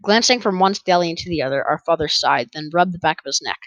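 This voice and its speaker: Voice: medium pitch, fast talker, fairly bright tone, no room sound, low-quality recording. Easygoing first-person audiobook narrator. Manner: easygoing, with small stumbles and rereads.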